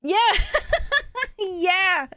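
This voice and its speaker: High-voiced chatty woman streamer. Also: very slow, bright, forceful tone, no echo, clean studio sound. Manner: chatty, laughing, swears freely. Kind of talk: casual stream chat.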